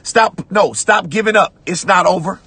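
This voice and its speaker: A man preaching a sermon as pastor, repeating phrases and breaking into shouts while reading scripture. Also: sits high, normal speed, slightly rough, no echo. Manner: preaching with repetitions, rising to shouts; conversational church talk, "watch this".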